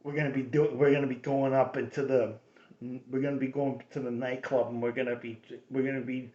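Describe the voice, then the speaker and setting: A man's voice: mid-range voice, flat delivery, brisk, dark tone, natural voice. A cocky boston mob guy making his rounds, thick drawl, all swagger, a guy doing the voice. it sounds a bit dull and lo-fi, and the room echoes around him. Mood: boastful. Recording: roomy dull lo-fi recording.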